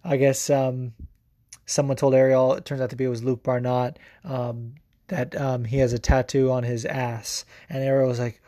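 A man's voice: medium pitch, level tone, normal speed, mellow, no room sound, clean studio sound. A young man hosting a podcast, giving casual, profane sports commentary full of fillers. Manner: loose and profane, lots of fillers. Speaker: podcast host.

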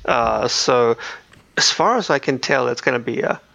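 A man's voice: mid-range voice, animated, normal speed, vocal fry, pushed and bright. A man co-hosting a video game podcast in casual, rambling chat, with frequent restarts and fillers. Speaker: podcast co-host.

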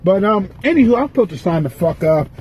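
A man's voice: high-pitched, sing-song, fast talker, a little mellow, husky, poor audio. A man hosting his podcast in a casual rambling monologue, profane and frustrated, with a stuffy nose. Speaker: podcast host. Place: parked car.

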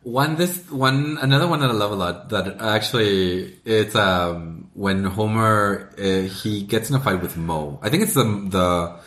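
A man's voice: unhurried, few pauses, a bit bright. Laughing man in an echoey room. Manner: laughs often, acts out quoted lines in a high voice. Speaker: podcast co-host. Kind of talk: casual chat. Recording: roomy echo.

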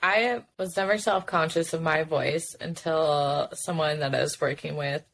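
A woman with a young-sounding voice co-hosting a casual podcast chat, relaxed and quick to laugh. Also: low-pitched, gravelly, a little hiss or hum. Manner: relaxed, laughs often, short agreeing replies. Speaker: podcast co-host.

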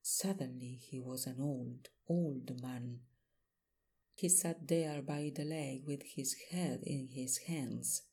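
Guy reading a detective story aloud, slow, husky, kinda dark mellow voice. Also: medium pitch. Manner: measured, plain reading of a simplified novel. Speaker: audiobook narrator. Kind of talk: first-person story narration.

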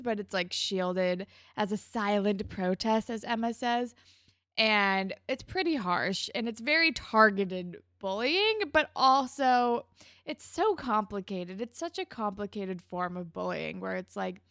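A woman with a gravelly edge to her voice chats casually as a podcast co-host. She retells a TV episode scene by scene, acting out the characters' lines. The sound is dry and close. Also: medium pitch, a bit bright, dry recording. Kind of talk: casual recap chat.

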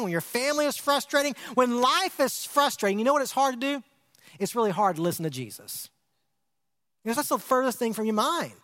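A pastor preaches a conversational sermon, putting questions to the congregation and often repeating words as he restarts his phrases. His voice is very high-pitched with a fairly bright tone, and a long hall reverb fills the recording.

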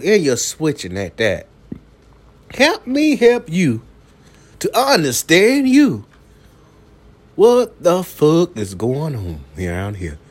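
A man hosting a late-night solo podcast, talking slowly and profanely and returning again and again to one catchphrase. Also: fairly high pitch. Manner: slow, profane, repeats a catchphrase; coughs now and then. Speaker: podcast host. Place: downtown building at night.

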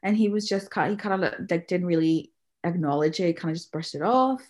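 Her voice is low-ish, brisk and a little mellow. A mother, she casually tells a story about her daughter in conversation, acting out the quotes and laughing often.

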